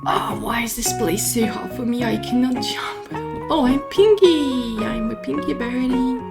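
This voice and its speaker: A young woman with a non-native English accent hosting her gaming channel, giving casual gameplay commentary and squealing excitedly when things go wrong. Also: on the high side, moderate pace, creaky. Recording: music playing behind the voice.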